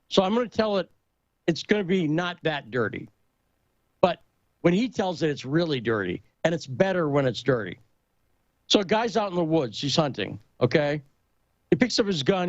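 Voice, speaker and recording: Animated man telling a long joke. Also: fairly high pitch, no room sound, lo-fi sound. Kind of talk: casual talk-show storytelling.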